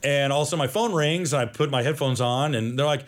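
Lively storytelling man, mid pitch. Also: brisk, few pauses. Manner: lively storyteller acting out quoted voices. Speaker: magazine publisher guest. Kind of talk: storytelling interview chat.

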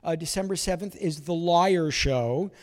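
High-voiced man telling stories on a theater stage. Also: unhurried, big-room sound. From Brooklyn, New York. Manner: conversational, filler-heavy delivery. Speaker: comedian and storytelling show host. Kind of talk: live stand-up storytelling. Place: theater stage before a live audience.

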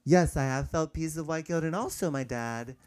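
A man's voice: a little high, normal speed, clear, resonant tone. Hesitant man in candid conversation. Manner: hesitant, many restarts, grows animated. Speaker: interview guest.

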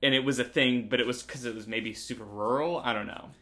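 A young man from Connecticut hosting a casual chat, rambling, restarting sentences, and filling every pause with "like". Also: mid-range voice, steady tone, pushed and bright. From Connecticut, USA. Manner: rambling, many "like" fillers, restarts. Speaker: podcast host.

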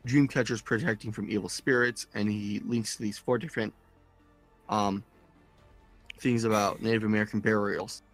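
A man co-hosting a podcast, reading listener comments aloud in a casual, halting way. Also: on the low side, steady tone, soft background music. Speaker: podcast co-host. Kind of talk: casual chat.

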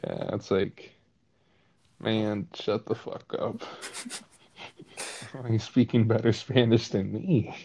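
American guy, crude blunt jokester, low voice on dull lo-fi audio. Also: fairly even intonation, takes it slowly, gravelly, long pauses, darkish tone, breathy edge. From United States. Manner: crude, blunt joking, swears freely. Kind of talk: casual chat.

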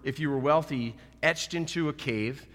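A man's voice: fairly high pitch, normal speed, fairly bright tone, in a large hall. A male pastor preaching a sermon, earnest, acting out the words of scripture as he explains them.

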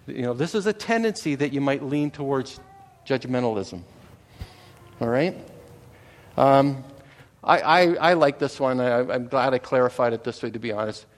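A man's voice: mid-range voice, animated, normal speed, pauses often. A middle-aged Canadian man preaching a sermon in a conversational way. He often repeats words and checks in with the congregation. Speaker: pastor.

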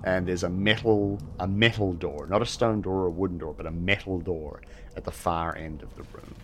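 A man narrating as game master for a tabletop game, halting often with fillers and restarts. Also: sits low. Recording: steady background hiss.

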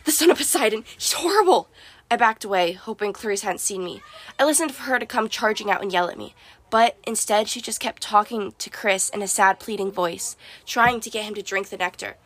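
A woman reading a first-person storybook narration, expressive and lively. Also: medium pitch, a little fast. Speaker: audiobook narrator.

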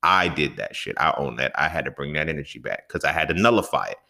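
A man's voice: rumbling low, sing-song, fast talker, vocal fry, pushed and bright. A young man hosting a casual solo podcast, talking in a heated, profane, conversational way and often checking in with the listener. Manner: profane, heated, conversational, keeps asking "you feel me". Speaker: podcast host.

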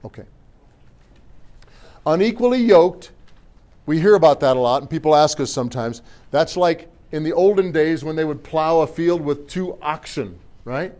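A middle-aged man preaching a sermon as pastor in a church, animated and joking with the congregation between scripture readings. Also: on the high side, normal speed. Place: church sanctuary.

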